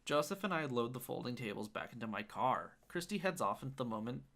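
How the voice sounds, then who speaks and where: A man streaming a dating game, reading narration aloud in a deadpan way. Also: mid-range voice, fairly quick, gravelly.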